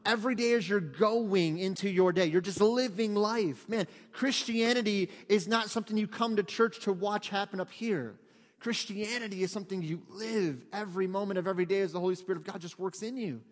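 A man with a high voice preaches a sermon in a church. He talks to the congregation in a lively, chatty way and acts out little quotes. His voice rings with long reverb from the sanctuary. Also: brisk. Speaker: pastor.

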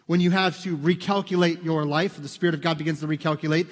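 Male pastor, conversational sermon, slightly high voice, long hall reverb, storytelling with quoted voices. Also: quick pace. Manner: conversational, peppers sentences with "okay?" and "right?"; animated storytelling with acted quotes.

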